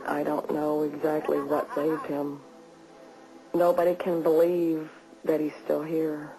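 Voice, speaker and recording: A Texan mother reflects slowly on her son's escape. Her voice is gravelly and mellow. She draws each phrase out. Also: sits low, little pitch movement, faint music behind, rough recording. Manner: slow, reflective. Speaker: boy's mother. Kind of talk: documentary interview.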